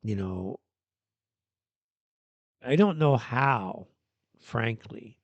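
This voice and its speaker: A man's voice: medium pitch, expressive, very slow, creaky, dry recording, dull audio. A man hosting a solo live-stream commentary show, ranting and sarcastic, with many fillers and restarts. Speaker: host.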